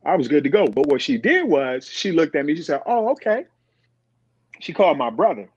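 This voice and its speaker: A man's voice: on the high side, quick pace, husky, no echo. A middle-aged man, a podcast guest, telling stories in casual talk and acting out the voices of the people in them. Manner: animated, acts out quoted voices. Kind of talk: casual storytelling. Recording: dull, dry sound.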